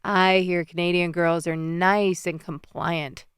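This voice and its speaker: A woman's voice: fairly low pitch, little pitch movement, slow pace, clear, resonant tone, no echo, clean studio sound. A slurring, leering drunk college jock, as a woman narrator reads him. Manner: slurred swaggering taunts. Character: drunk leering college hockey player, young man. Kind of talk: audiobook character voice.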